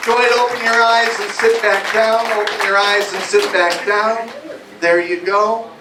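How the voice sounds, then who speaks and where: A man's voice: high-pitched, steady tone, normal speed, very noisy. A man working as a stage hypnotist, playfully guiding volunteers through suggestions at a live comedy show in a small bar. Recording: echoey bar from far off, music behind.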